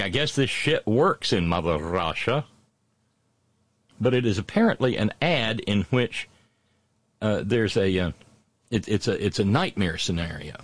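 Man, low voice, slow and halting, sardonic, dry close sound. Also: slightly rough, no echo. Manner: halting, many restarts and fillers. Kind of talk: rambling casual monologue.

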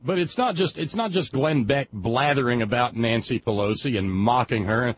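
A man's voice: medium pitch, normal speed, hardly any pauses, breathy edge, no room sound. A man hosting a liberal talk radio show, delivering a folksy, digressive, impassioned political monologue. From West Virginia. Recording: dull lo-fi audio with faint background noise.

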